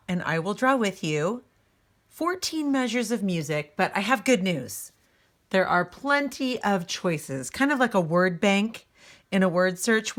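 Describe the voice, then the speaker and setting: A woman music teacher giving a recorded lesson, patiently explaining step by step and speaking straight to her students. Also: medium pitch.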